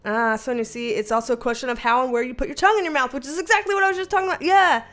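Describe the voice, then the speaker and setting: A woman's voice: sits high, lively intonation, rapid-fire, a bit bright, faint music behind. A young adult woman from the United States hosting a casual live chat, a bit tipsy, giggly and rambling, swearing casually as she reads out the chat. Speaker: livestream host reading chat.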